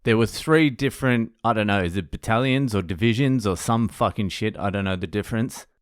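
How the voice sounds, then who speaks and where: A man's voice: on the low side, brisk, clean tone, dry recording, studio quality. A man with an Australian accent hosting a casual podcast, rambling through a history story with constant swearing. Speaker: podcast host. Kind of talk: casual monologue.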